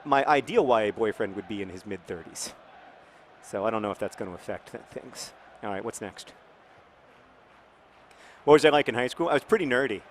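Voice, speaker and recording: A man in his thirties hosting a game video in casual commentary, rambling and jokey, with sudden shouted outbursts. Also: medium pitch, a little hiss or hum. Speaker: game host.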